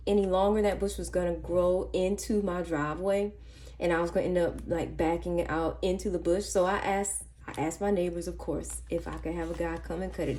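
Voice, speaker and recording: A woman vlogging casually, telling a chatty, animated story and counting money softly under her breath. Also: fairly low pitch. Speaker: budgeting vlogger. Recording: faint background noise and clicks.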